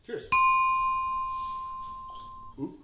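A woman co-hosting a casual snack taste test, teasing and quick to laugh. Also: loud music behind the voice. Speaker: co-host. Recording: echoey room, faint noise.

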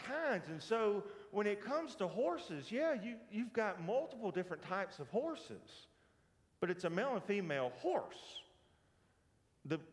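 A Southern US man leads a church Bible class in a high, very lively voice that swoops up and down. He talks in a folksy, joking way and keeps throwing questions at the room. The sound rings with a long echo from the church hall. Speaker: Bible teacher. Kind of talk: casual church Bible lesson.

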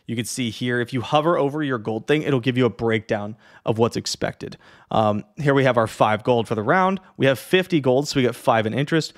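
A man's voice: mid-range voice, fairly quick. Chatty man explaining a game casually. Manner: chatty, lively, with frequent fillers and yawns. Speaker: streamer teaching a strategy game. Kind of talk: casual tutorial talk.

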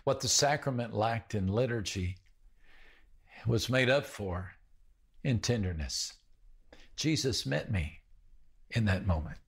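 A male pastor preaching a sermon in a slow, measured way, with pauses and repeated phrases. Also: fairly low pitch, lively intonation, creaky, husky.

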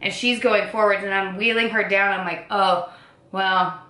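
A young woman chatting as a guest, telling stories in a loose, relaxed way and dropping in filler words. Her voice is bright, and the room carries an echo. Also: medium pitch, normal speed. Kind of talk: casual chat. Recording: echoey room.

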